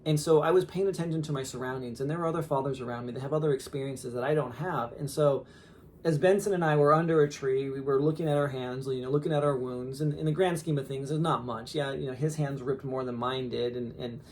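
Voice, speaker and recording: A man in his thirties, a father, telling a story casually on a podcast in an animated way with lots of fillers. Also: mid-range voice, fast, a little hiss or hum. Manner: animated, laughing, lots of fillers and quoted asides.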